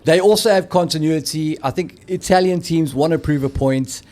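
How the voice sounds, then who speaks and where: Man, South African accent, rugby co-host, casual banter, upbeat, fairly high voice. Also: normal speed, darkish tone. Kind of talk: casual sports chat.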